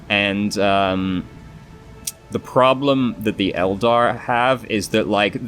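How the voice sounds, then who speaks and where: Deep-voiced, profane let's play host. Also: male voice. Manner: laid-back, profane, rambling. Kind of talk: casual gaming commentary.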